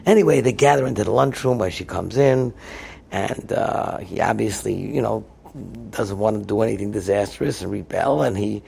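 A man telling a moral story as a sermon, acting out the dialogue with an animated voice. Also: on the low side, normal speed, gravelly, a little hiss or hum. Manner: animated, dramatizes dialogue with raised voice. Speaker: storyteller and columnist.

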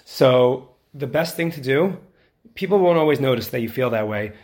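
A man teaching how to lead prayer, explaining quickly in plain talk and then chanting the tunes slowly to show them. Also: mid-range voice, lively intonation, darkish tone. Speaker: prayer leader instructor. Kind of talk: teaching lesson with chanted demonstrations.

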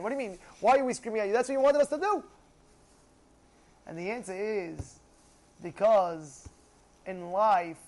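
A man's voice: extremely high pitch, darkish tone, low-quality recording. A man giving a Torah class, quizzing his listeners and acting out pleas to God. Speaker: Torah teacher.

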